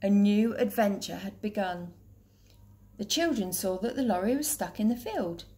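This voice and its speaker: A woman teacher reads a children's picture book aloud in a clear, steady, gentle mid-range voice at normal speed.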